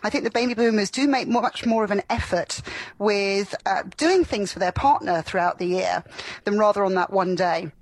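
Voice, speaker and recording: A woman's voice: medium pitch, normal speed, no echo. A woman with a London accent, a relationship expert chatting as a radio guest, bubbly and frank, with frequent laughs. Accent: London English. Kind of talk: casual radio interview.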